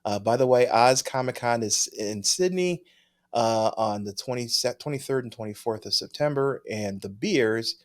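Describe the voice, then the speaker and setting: Reading listener mail on a podcast he co-hosts, a man chats casually at a moderate pace. His medium-pitched voice is animated, with frequent laughter and sentences that trail off.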